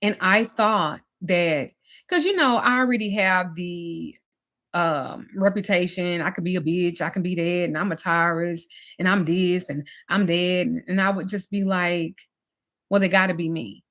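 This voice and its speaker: A woman's voice: fairly low pitch, unhurried, fairly bright tone. A middle-aged woman, a spiritual teacher and life coach, telling her own story in a candid, emotional and blunt way, swearing now and then and speaking straight to her listeners.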